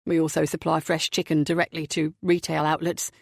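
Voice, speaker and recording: A woman's voice: deep voice, flat delivery, gravelly, no echo, voice pushed down. A woman voicing a nervous, flustered young male company director who keeps apologizing, in a dry close audiobook recording. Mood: harried. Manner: apologetic, shaken and hurried.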